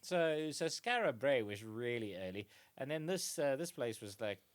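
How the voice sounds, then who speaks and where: A man's voice: medium pitch, very animated, normal speed. A man co-hosting a comedy trivia podcast, rambling with many fillers and laughing often. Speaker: podcast co-host. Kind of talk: casual comedic chat.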